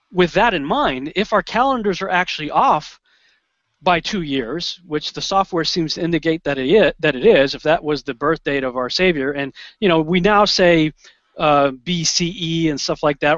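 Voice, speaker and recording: A man guest in an interview, telling a story in an animated, excitable way, often restarting and acting out what he said in the moment. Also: on the high side, no echo. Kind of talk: conversational storytelling. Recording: dull lo-fi sound.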